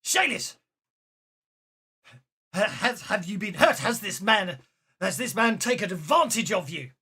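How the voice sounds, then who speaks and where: A furious, protective father, as a game master puts him on, who shouts his indignation in a tabletop game. The voice is bright and swings widely in pitch. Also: expressive, takes it slowly, slightly rough, exaggerated voice. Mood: alarmed. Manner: loud, indignant.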